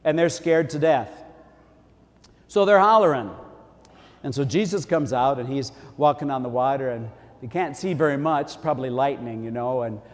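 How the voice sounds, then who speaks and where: A man's voice: medium pitch, moderate pace. A man preaching a sermon as a priest, in a folksy, conversational way. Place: church. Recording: long church reverb.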